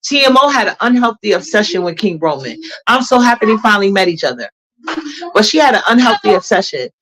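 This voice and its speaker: A woman's voice: mid-range voice, big pitch swings, fast talker, crowd noise, rough recording. Blunt, sassy woman chatting on a livestream. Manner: blunt, sassy, talks straight to her chat. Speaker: livestream host. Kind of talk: casual livestream chat.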